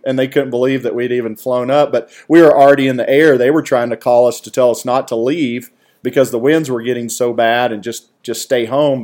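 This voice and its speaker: Calm man adding to a shared story. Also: mid-range voice. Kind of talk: casual storytelling.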